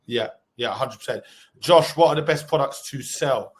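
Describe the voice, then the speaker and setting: A man's voice: medium pitch, moderate pace. Hyped, sweary man hosting. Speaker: co-host. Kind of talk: live webinar Q&A, reading out viewer questions.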